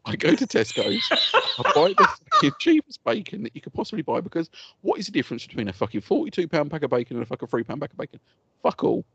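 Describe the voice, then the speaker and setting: A man's voice: fairly high pitch, big pitch swings, fast, fairly bright tone, highs cut off, slight background noise. A man co-hosting a podcast, ranting in mock anger and swearing constantly in casual banter. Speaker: podcast co-host.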